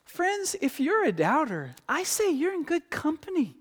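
A man preaching a sermon in a church, animated and acting out quoted voices. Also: very high-pitched, a little slow. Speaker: pastor. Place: church sanctuary. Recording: long hall reverb.

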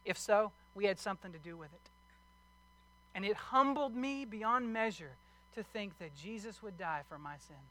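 A male pastor preaching a sermon, earnestly pressing his listeners with pointed questions and reading scripture slowly. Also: sits high, animated, sharp tone, poor audio.

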